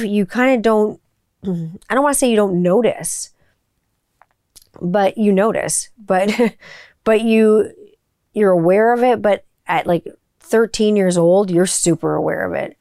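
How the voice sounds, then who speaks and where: A woman's voice: medium pitch, darkish tone, clean tone, no room sound. Lady in her 40s just chatting away, rambly, swears a lot, dry close sound. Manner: chatty, rambling storyteller who swears freely. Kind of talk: casual chat.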